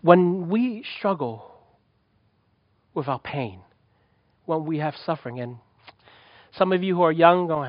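A man's voice: fairly high pitch, lively intonation, unhurried, pauses often, dry recording, lo-fi sound. A middle-aged man, preaching a sermon as a pastor, telling a story with lots of rhetorical questions.

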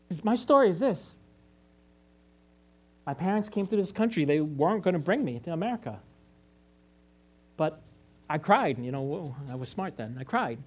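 A man's voice: sits high, a little mellow, slightly rough. A man from China, a pastor, giving a personal testimony sermon, earnest and confessional, often restarting and rising in emphasis.

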